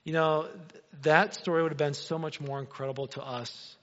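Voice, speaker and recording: A man's voice: on the high side, steady tone, moderate pace, fairly bright tone, long reverb tail, lo-fi sound. A man preaching a sermon in a conversational way, asking rhetorical questions and acting out what others say. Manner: conversational, asks rhetorical questions, acts out quotes.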